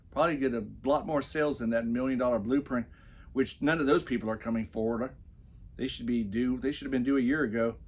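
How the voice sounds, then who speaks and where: A man's voice: mid-range voice, steady tone, fast talker. A man giving mocking commentary on a post he reads aloud from his phone, with sarcastic, scornful asides. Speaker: commentary vlogger.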